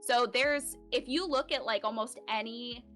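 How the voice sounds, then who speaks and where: A woman's voice: a little high, measured pace, fairly bright tone, soft background music. A woman from Central Florida, a voice actor, chatting casually in an interview with lots of "like" and "um" fillers. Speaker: voice actor guest. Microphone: home recording setup.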